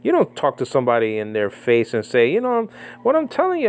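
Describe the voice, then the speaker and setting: A man giving casual spoken commentary on a religious debate, animated and mocking, with many fillers and repeated phrases. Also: medium pitch, quick pace. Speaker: Bible commentator. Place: living in the Philippines.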